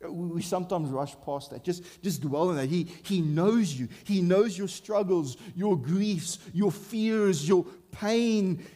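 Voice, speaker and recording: Slow, mellow-voiced male preacher. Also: high-pitched. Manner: earnest, emphatic preaching with repeated words and rhetorical questions. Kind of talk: sermon.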